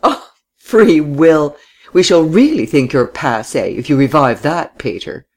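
A reader voicing a lively young woman who laughs and teases, with a high mocking way of talking. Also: unhurried.

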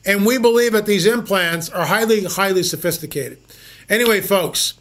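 A man's voice: high voice, normal speed, a bit bright. A man hosting a show, telling stories in an emphatic monologue full of repeated words and rhetorical questions. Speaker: show host. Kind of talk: storytelling monologue.

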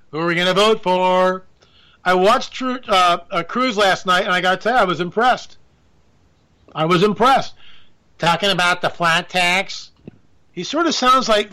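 Guy with a high bright voice riffing sarcastic on politics, rambly. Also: rough recording. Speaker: political commentator. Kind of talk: casual monologue.

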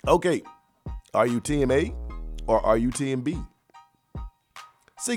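A man hosting a morning radio show, talking in a loose, energetic, rambling way full of slang. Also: medium pitch, takes it slowly, pauses often, faint music behind. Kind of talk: casual morning radio banter.

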